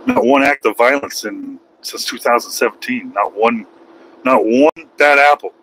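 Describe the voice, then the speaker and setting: A man's voice: mid-range voice, normal speed, a bit bright, a little hiss or hum, poor audio. A man in his forties from Los Angeles, talking straight to camera in a heated, emphatic vlog monologue and repeating his phrases for weight. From Los Angeles, USA. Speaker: truck driver and channel host.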